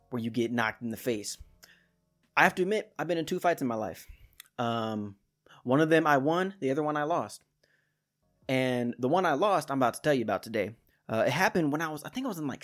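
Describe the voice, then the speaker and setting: A young adult man hosting a Christian podcast, telling a personal story and building to emphatic preaching. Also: a little high. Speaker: podcast host. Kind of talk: devotional podcast talk.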